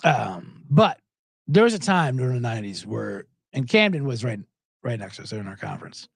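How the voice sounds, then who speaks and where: A man hosting a podcast, chatting casually and rambling through stories, acting out other people's lines in loud, higher voices. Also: sing-song, moderate pace, gravelly, husky, dry recording. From South Jersey, USA. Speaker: podcast host. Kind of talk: casual chat.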